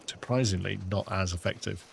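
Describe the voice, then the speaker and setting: A chatty English man with a low voice and a gravelly, creaky edge, talking casually to his viewers. He keeps the commentary relaxed and friendly and keeps calling people mate. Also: brisk, slight background noise. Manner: chatty, laughs often, calls viewers "mate". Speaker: gaming livestreamer.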